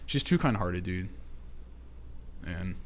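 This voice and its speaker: A man's voice: sits low, expressive, slow pace. A young man, co-hosting a podcast and telling a rambling story, full of "like" and "dude" and plenty of swearing. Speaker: podcast co-host. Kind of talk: casual storytelling chat.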